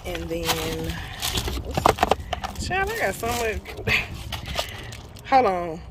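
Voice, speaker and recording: A woman's voice: fairly low pitch, very animated, very slow. A woman chatting casually to viewers in her vlog, cursing and laughing as she goes. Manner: profane, laughing, talks to viewers as y'all. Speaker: vlogger. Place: car and on the go. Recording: loud car and road noise. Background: vehicle noise.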